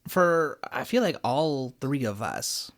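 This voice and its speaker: A man hosting a casual podcast, retelling a cartoon episode in an animated, swearing, storytelling way. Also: medium pitch, takes it slowly, no echo. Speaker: podcast host.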